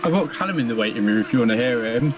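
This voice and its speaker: A man's voice: mid-range voice, lively intonation, racing, recorded from a distance, highs cut off, noisy background. A man commentating a sim race, chatty and self-deprecating. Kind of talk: live sim racing commentary.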